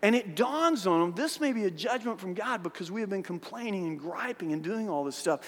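A man preaching a sermon as a pastor, telling a Bible story with lively asides and often repeating words as he restarts sentences. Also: sits high, fairly quick. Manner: animated storytelling, acting out voices of biblical figures. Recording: hall with long reverb.

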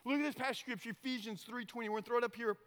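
Middle-aged male pastor, very high bright voice, animated and folksy. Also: rapid-fire, big-room sound. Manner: animated storytelling, folksy asides. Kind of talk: sermon.

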